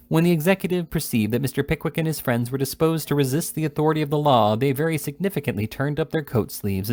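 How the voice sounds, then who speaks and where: A man reading a classic novel aloud at a steady pace, with occasional slips and restarts. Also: mid-range voice. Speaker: reader.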